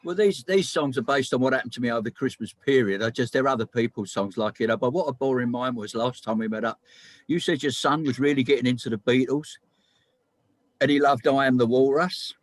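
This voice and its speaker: A man's voice: medium pitch, fairly quick, no room sound. A man in casual chat on a video call, explaining things eagerly as a musician sharing songs.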